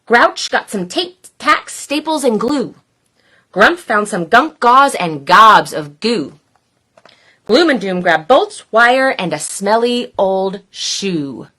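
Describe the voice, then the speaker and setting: A woman reading a children's picture book aloud, slow and deliberate, lingering over the words. Her voice sits a little high and rises and falls in lively swings. She plays up every sound with delight. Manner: playful, expressive, slow and deliberate. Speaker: storyteller.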